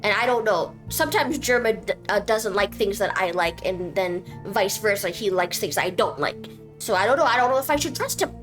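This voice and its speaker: A woman's voice: medium pitch, lively intonation, a little fast, a bit bright, soft background music. A young woman streaming a game, chatting in a goofy, rambling, playful way. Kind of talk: casual game commentary.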